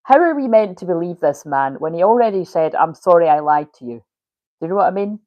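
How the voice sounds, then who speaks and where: A woman reads tarot cards on a casual livestream, talking to her viewers in a chatty, unfiltered way with plenty of swearing and laughter. Her voice sits on the low side. The sound is dry, with no room echo. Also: expressive, fairly quick, muffled recording. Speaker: tarot reader.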